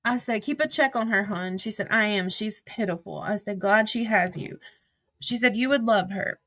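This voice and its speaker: A woman's voice: mid-range voice, a bit bright, dry recording. A young woman, reading texts aloud on a livestream in a heated, profane rant. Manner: heated, profane, rapid rants.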